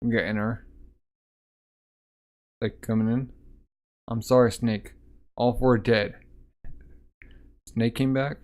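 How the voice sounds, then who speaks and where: A man's voice: medium pitch, steady tone, slow pace, long pauses, a little mellow. A man casually reading a manga aloud, voicing the lines and adding sound effects and asides as he goes. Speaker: manga reader.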